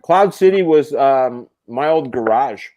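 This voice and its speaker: A man's voice: medium pitch, lively intonation, measured pace, darkish tone, no room sound. A man hosting a casual chat, telling rambling, joking stories with the odd swear word. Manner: loose, swearing, laughing anecdotes. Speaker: show host, comic artist.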